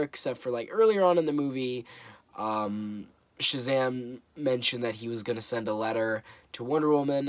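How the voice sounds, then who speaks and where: A man's voice: medium pitch, fairly bright tone, no room sound. Rambling man reviewing a movie. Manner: rambling, hesitant, lots of fillers. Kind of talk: casual spoken movie review.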